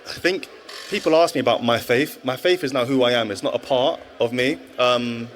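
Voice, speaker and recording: In a live stage interview, a man in his thirties who used to play football recounts his experiences earnestly and reflectively, repeatedly restarting. He speaks in a mid-range voice at a moderate pace against slight background noise.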